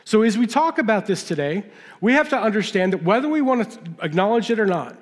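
A man's voice: sits high, big pitch swings, brisk. A middle-aged man preaching a sermon, telling folksy personal stories and asking the audience questions. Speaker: pastor. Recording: long hall reverb.

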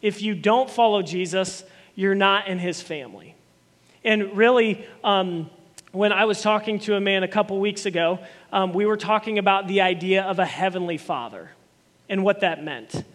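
Man, pastor, sermon, animated, emphatic repetition, long hall reverb. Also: high voice, normal speed. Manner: animated preaching with quoted voices and emphatic repetition.

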